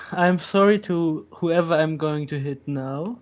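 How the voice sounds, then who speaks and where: A man's voice: fairly high pitch, takes it slowly, highs cut off. A man playing a tabletop game, talking casually, joking and swearing. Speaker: player.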